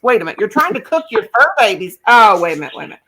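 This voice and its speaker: A woman's voice: medium pitch, big pitch swings, very fast, fairly bright tone, slightly rough, low-quality recording. A woman hosting a casual livestream, chatty and folksy, greeting viewers by name. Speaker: livestream host.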